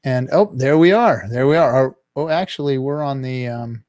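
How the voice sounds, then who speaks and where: Casting: male stream host, mid pitch, halting rambly delivery, dry close sound. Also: darkish tone, no room sound. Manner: rambling, halting, many restarts. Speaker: podcast host. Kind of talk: casual live-stream chat.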